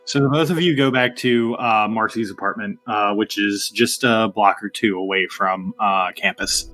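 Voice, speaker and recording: A man narrating a tabletop game as game master, relaxed and full of fillers. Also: fairly low pitch, moderate pace, faint music behind.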